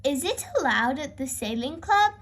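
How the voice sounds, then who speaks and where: Prim lady dog, fussy and disapproving, pitched high, as a woman reads her aloud. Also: big pitch swings, normal speed, fairly bright tone, full character voice. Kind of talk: storybook reading.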